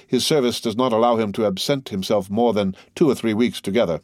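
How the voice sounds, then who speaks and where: A poised, worldly nobleman who reassures with quiet authority, voiced by a man reading a novel. The voice is low and even. It sounds close and dry. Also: fairly quick, no room sound, close to an everyday voice. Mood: assured.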